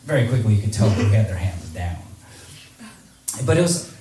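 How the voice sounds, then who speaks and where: A man telling a story casually, full of "like" and "you know", acting out quoted people in a raised voice. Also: normal speed. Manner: animated, acts out quoted people in a higher voice. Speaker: public speaker telling his story. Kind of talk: storytelling talk. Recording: echoey room, distant mic, faint hum.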